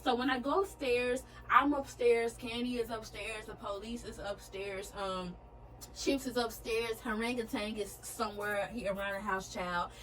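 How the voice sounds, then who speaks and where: A woman's voice: fairly high pitch, steady tone, moderate pace, a bit bright, low-quality recording. A young woman vlogger telling a storytime, chatty and checking in with her viewers. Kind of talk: storytime vlog.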